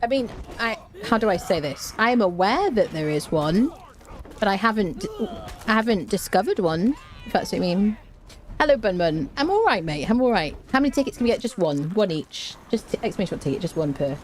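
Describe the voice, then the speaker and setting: A woman's voice: mid-range voice, brisk. A woman from Britain streaming a game, chatting casually and reading chat aloud, ranting with energy. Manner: chatty, reads chat aloud, animated rants. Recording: faint background noise.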